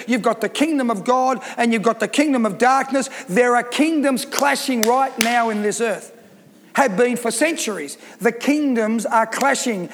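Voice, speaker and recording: A woman's voice: a little high, big-room sound. A woman pastor preaching a sermon, reading scripture aloud, explaining it, and putting emphatic rhetorical questions to the congregation.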